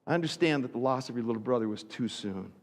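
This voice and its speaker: A man voicing Jesus as a gentle, grieving adult man, speaking softly and tenderly. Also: medium pitch, expressive, fast, pitched below the performer's own voice, close to an everyday voice. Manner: soft, tender, hushed. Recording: echoey hall.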